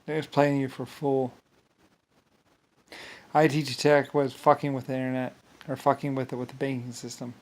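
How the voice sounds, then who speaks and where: A man's voice: medium pitch, level tone, moderate pace, long pauses, darkish tone. A man delivering a rambling, agitated monologue to the camera, full of profanity and stumbling restarts.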